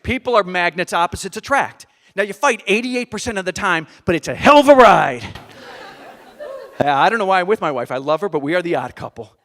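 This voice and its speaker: A middle-aged man performing live stand-up comedy on a theater stage, animated and exasperated, with audience laughter behind him. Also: high voice, brisk. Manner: animated, acts out exasperated voices.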